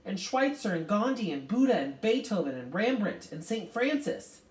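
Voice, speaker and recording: A woman's voice: mid-range voice, sing-song, normal speed, darkish tone, pitched above the performer's own voice, close to an everyday voice. A woman voicing an earnest teenage boy listing names with rising confidence. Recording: roomy, distant mic.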